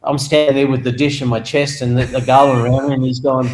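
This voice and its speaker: A man's voice: fast talker, hardly any pauses, a little hiss or hum, low-quality recording. An older Australian man, a retired motorcycle racer, telling a story in an interview and acting out the other people's voices. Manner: animated, acts out other people's voices with raised pitch and laughs.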